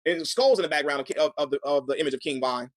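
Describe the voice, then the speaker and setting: Fast-talking man, heated commentary. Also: on the high side, dry recording. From Chicago. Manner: heated, earnest, repeats words as he builds a point. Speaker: commentary channel host. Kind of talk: reaction commentary.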